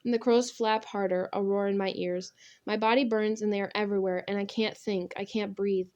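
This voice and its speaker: A young woman narrating an audiobook in the first person, with an expressive, intense, dramatic delivery. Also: mid-range voice, fairly quick, highs cut off.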